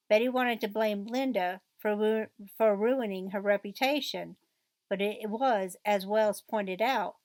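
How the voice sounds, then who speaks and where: A woman narrating a true crime essay video, reading court and book quotes in a steady read-aloud manner. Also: mid-range voice, no room sound.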